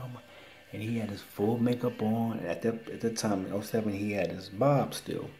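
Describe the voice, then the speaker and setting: Deep gravelly man telling a story. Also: moderate pace. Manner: animated, excitable retelling with repeated exclamations. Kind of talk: casual storytelling monologue.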